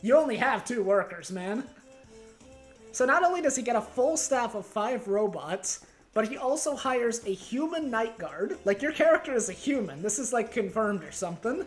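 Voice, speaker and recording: A woman's voice: a little high, sing-song, normal speed, soft background music. A woman streaming a game, telling a long, rambling, bemused story with frequent laughs. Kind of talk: casual stream commentary.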